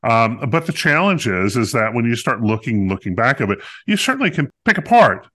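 A man's voice: medium pitch, very animated, a little fast, bright, forceful tone. A man co-hosting a podcast, reviewing a musical in casual chat, talkative and playful with many fillers.

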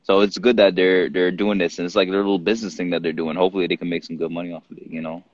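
Relaxed low-voiced man co-hosting. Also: very fast, no echo. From Jamaica. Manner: laid-back, laughs often, loose slang. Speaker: podcast co-host. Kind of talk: casual chat. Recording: dull lo-fi sound.

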